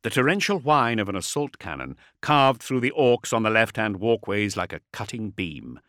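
A man reading a story aloud as scripted narration, with an expressive, dramatic delivery. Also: lowish voice, normal speed, dry recording, clean studio sound. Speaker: audiobook narrator.

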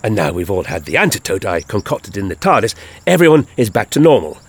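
A man's voice: on the low side, very animated, a little fast, slightly rough, pitched below the performer's own voice, full character voice. A man voicing an eccentric time-travelling doctor who hesitates and stammers fussily. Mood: fussy.

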